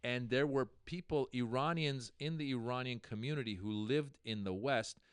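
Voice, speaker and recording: Smooth-voiced man telling a lively story. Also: mid-range voice, moderate pace, dry recording. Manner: animated storyteller who acts out the people he quotes. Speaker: guest comedian. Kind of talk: casual storytelling chat.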